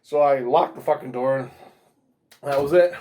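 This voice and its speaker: A man telling a story as an interview guest, profane and animated, swearing constantly. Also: medium pitch, normal speed. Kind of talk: casual storytelling.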